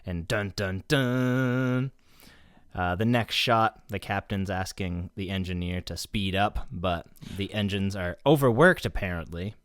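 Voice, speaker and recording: A man's voice: deep voice, moderate pace, hardly any pauses, fairly bright tone, no echo, clean studio sound. A male podcast host recapping an episode in casual chat, swearing, laughing often and acting out the characters' lines.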